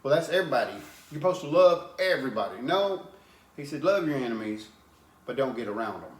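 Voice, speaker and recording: A man's voice: medium pitch, big pitch swings, fast. Earnest plain-spoken preacher man, echoey room. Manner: plain-spoken, repeats and restarts words, earnest. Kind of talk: informal sermon with scripture reading.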